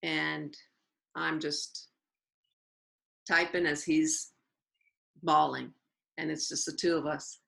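Woman teacher, low voice, gravelly fry, interview storytelling, repeats phrases. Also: slow, pauses often, poor audio. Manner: lively storyteller who acts out quoted dialogue and repeats phrases.

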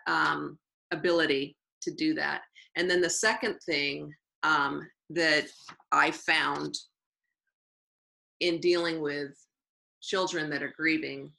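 A woman teacher telling stories in an interview, earnest and animated, with frequent restarts. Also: sits low, vocal fry, low-quality recording. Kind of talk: interview storytelling.

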